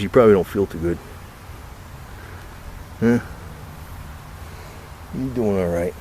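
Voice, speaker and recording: Filming his cats at home near his old car, this man speaks slowly in a low-sitting, darkish voice. He coaxes the animals, rambles, and tosses in casual swearing, with a little background noise behind him.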